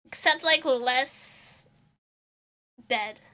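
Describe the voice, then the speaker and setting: A woman's voice: high voice, very slow, bright, forceful tone. A young adult woman streaming, chatting casually in a self-mocking way and swearing freely. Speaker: vtuber streamer.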